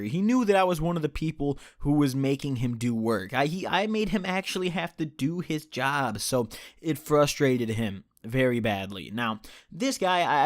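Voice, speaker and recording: A man's voice: mid-range voice, no echo, studio quality. A young man in his late teens telling a personal story in a casual, rambling way, swearing freely and correcting himself as he goes. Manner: rambling, profane, restarts and self-corrections. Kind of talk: casual storytime chat over gameplay.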